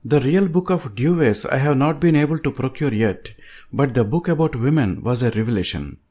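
A man reading an audiobook aloud with a measured, emphatic delivery. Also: mid-range voice, animated, mellow. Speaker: audiobook reader.

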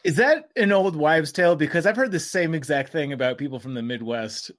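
A man's voice: on the high side, brisk. A man chatting as a podcast guest, joking and self-deprecating. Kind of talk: casual podcast chat.

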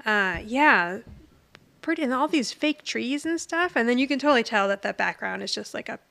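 A woman's voice: fairly high pitch, animated, normal speed, gravelly, pushed and bright. A woman co-hosting a podcast, retelling a sitcom episode in a chatty, giggly way. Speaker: podcast co-host. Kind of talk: casual episode recap chat.

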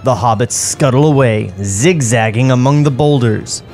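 A man reading the stage directions aloud in a comedic table read, steady and plain with dry asides. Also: medium pitch, moderate pace, faint music behind. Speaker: script reader and narrator.

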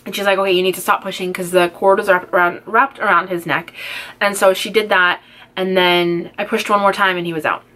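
A young woman vlogger tells a personal story to camera in a chatty get-ready-with-me style, with lots of fillers and acted-out quotes. Her mid-range voice is level, brisk and sharp.

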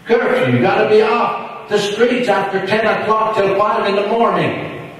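A man's voice: high voice, steady tone, a little slow, fairly bright tone. A man preaching a fervent revival sermon, emphatic and given to repeating phrases. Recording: echoey hall from far off.

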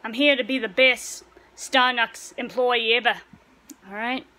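A woman performing comedic skits, trading quick short lines between several characters. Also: on the high side, steady tone, pushed and bright, poor audio. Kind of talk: comedic skit dialogue.

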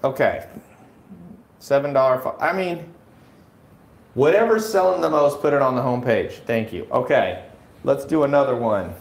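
Blunt, animated man in a roomy room. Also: mid-range voice, moderate pace, pauses often. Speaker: host reviewing viewer websites live. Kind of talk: live stream critique.

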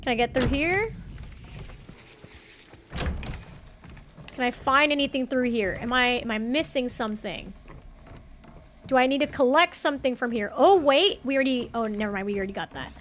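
A woman's voice: a little high, brisk, fairly bright tone, a little hiss or hum. A woman streaming a horror game, talking to her chat and swearing in flustered bursts as she gets lost and scared. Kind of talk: live gameplay commentary.

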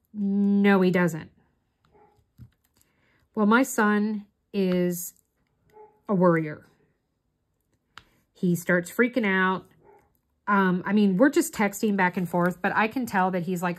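Middle-aged woman, craft vlog host, rambling chatty storyteller, medium pitch. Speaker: crafting vlogger. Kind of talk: casual chat while doing diamond art.

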